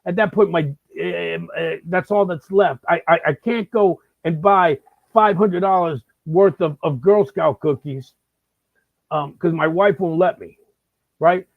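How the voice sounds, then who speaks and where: A man's voice: a little high, measured pace, gravelly, dry recording. A man hosting a comedic live-stream monologue, rambling and stammering with lots of repeated words. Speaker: host. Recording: slightly dull lo-fi sound.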